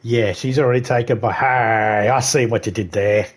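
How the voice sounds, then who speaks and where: A man's voice: mid-range voice, fairly even intonation, normal speed, slight background noise. A man with an Australian accent live-streaming a video game, chatting casually with viewers and making crude jokes. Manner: crude, joking banter, chuckles between lines.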